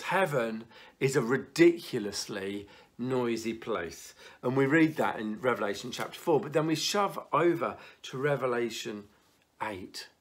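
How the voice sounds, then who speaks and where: A man in his thirties gives a youth sermon in a mid-pitched voice. He tells stories with energy and then drops to a quiet, earnest tone, often restarting his sentences. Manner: lively storytelling, dropping to quiet and earnest; stumbling restarts and fillers. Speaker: church youth leader.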